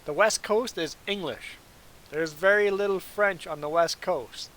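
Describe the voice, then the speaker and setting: A man's voice: high-pitched, unhurried, fairly bright tone, slight background noise, rough recording. A man from Canada whose first language is German, chatting casually with his viewers in a livestream Q&A and often laughing as he rambles. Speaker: trucker streamer answering chat.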